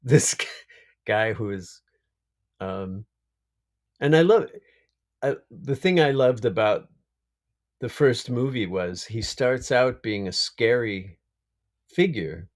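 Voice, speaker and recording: A man, an actor being interviewed, speaking in an unhurried, reflective way and laughing often over a video call. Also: medium pitch, animated. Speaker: actor guest. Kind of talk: casual interview chat.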